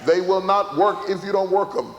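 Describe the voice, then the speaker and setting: A middle-aged male pastor delivers a sermon with emphatic repetition, his fairly high voice carrying a gravelly edge. His words ring out in a large reverberant hall. A live audience murmurs faintly behind him. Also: normal speed, slight background noise. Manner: emphatic repetition, rising to shouts.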